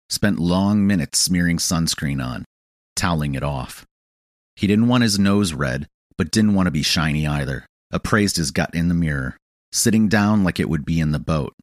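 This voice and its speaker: A man reading a literary audio play in a measured, understated storytelling manner, close to the microphone. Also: sits low, no echo. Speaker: audiobook reader. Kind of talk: scripted narration of an audio play.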